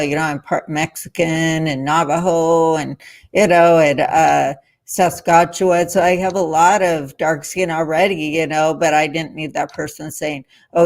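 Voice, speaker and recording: A woman's voice: sits low, darkish tone. Woman speaking reflectively on a podcast. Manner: reflective and supportive, with frequent fillers. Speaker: podcast guest. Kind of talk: casual podcast conversation.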